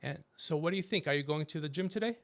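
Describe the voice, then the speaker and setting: A middle-aged man hosts a casual comedic podcast chat. His voice is a touch high for a man, with a gravelly fry running through it. He tells his stories with animation, switching into other people's voices as he quotes them. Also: fast. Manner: animated storytelling, acting out quotes. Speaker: podcast host.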